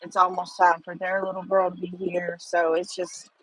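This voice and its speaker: A woman's voice: fairly low pitch, monotone, normal speed, slightly rough, no room sound, rough recording. A middle-aged woman, chatting with viewers on a casual livestream and rambling with lots of fillers. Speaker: livestream host.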